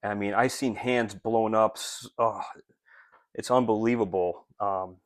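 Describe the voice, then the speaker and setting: Earnest man giving a casual ministry update, low-pitched and halting, dry sound. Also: fairly even intonation, no room sound. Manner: earnest, rambling with many fillers and restarts. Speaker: street outreach ministry leader. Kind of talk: casual spoken update to supporters. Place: Rochester area.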